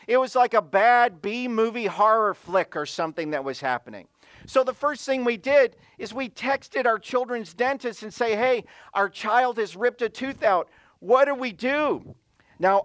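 A male pastor with a high voice delivers a sermon. He tells a story from home and keeps putting questions to his listeners. The sound is close and dry, with little room around it. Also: a bit bright, no echo. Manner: storytelling, asks the audience questions.

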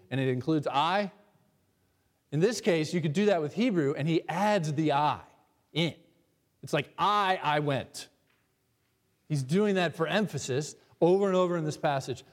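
A man preaching a sermon in a reverberant church, his voice sitting a bit high. He leans on key words, swings between loud and hushed, and asks the congregation questions. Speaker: pastor.

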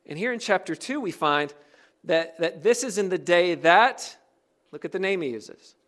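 A man preaching a sermon to a congregation, asking them questions and slowing down or getting louder for emphasis. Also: high-pitched, animated. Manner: varies pace and loudness for emphasis. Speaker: pastor.

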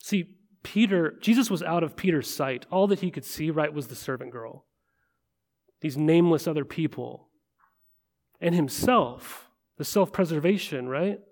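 Fairly high-voiced man preaching in a hall. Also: lively intonation. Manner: conversational, checks in with listeners by asking "right?"; slows down and drops to a hush at weighty moments. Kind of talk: sermon. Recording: long reverb of a large hall.

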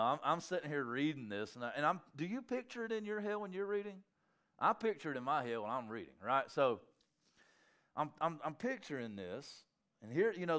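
A man preaching a sermon in a conversational, animated way, with asides to his listeners and frequent restarts. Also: on the high side.

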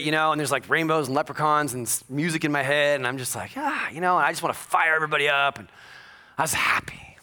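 Man, pastor, sermon, high voice, swooping animated delivery, comic storytelling. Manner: animated storytelling with jokes and sudden loud bursts.

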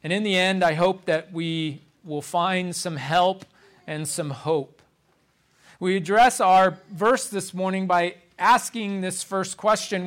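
Slow, high-voiced man preaching. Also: fairly even intonation, a bit bright. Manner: measured, deliberate preaching with slowed emphasis on key phrases. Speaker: pastor. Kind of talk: sermon.

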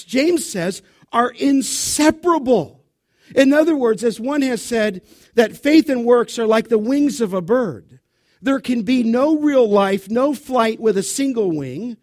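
Male pastor mid-sermon, high voice, intense and direct with his congregation, dry close sound. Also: darkish tone, no room sound. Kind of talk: expository sermon. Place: church sanctuary.

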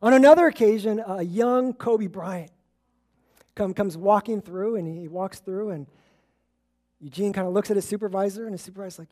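A woman preaching a relaxed, conversational sermon, telling stories and chuckling as she acts out the people in them. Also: medium pitch, normal speed. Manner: storytelling, acts out quoted voices, chuckles.

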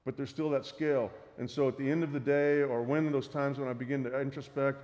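A man's voice: mid-range voice, fairly even intonation, brisk, a little mellow. Man preaching a sermon in a hall. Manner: reads scripture aloud, then teaches. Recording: reverberant hall.

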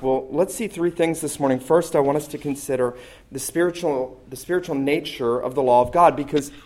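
A man preaching a sermon in an earnest style, swinging between loud emphasis and hushed passages. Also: mid-range voice. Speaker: pastor.

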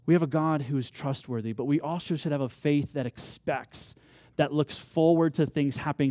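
A man's voice: fairly high pitch, normal speed, darkish tone, no room sound. A man preaching a sermon, telling a story with rising emphasis and acted-out quotes. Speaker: pastor.

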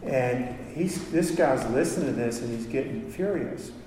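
A man's voice: medium pitch, lively intonation, a little slow, warm tone, slight background noise. A man preaching a sermon in a church, telling a story with emotion and calling for amens. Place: church hall. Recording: echoey hall from far off.

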